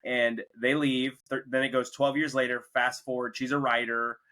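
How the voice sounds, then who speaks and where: Man, young adult, podcast host, bright voice, rambling casual movie review. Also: mid-range voice, flat delivery, moderate pace, poor audio. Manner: rambling retelling of a film plot.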